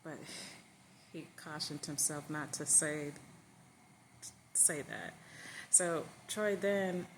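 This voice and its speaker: A woman's voice: low-pitched, takes it slowly, pauses often. Woman telling a story over hiss. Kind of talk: casual spoken storytelling.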